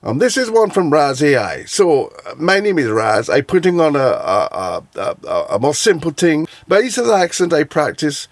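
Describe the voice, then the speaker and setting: A man voicing a male comedy character who speaks halting, broken English with a practiced accent, higher and louder than his own voice. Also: big pitch swings, no echo. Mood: chatty. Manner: broken grammar, halting restarts.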